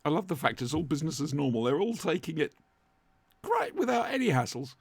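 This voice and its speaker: A man's voice: fairly high pitch, big pitch swings, fairly quick, gravelly, slightly rough, dry recording. A man with a chatty, wry manner, co-hosting a casual watch-along commentary from home. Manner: chatty, wry, fond asides. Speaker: podcast co-host watching along. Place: home room, dry sound.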